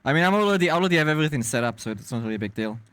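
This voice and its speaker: Animated man chatting on a live stream. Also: a little high, very fast, no room sound. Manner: animated, laughs often, swears casually. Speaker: VTuber streamer. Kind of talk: casual live-stream chat.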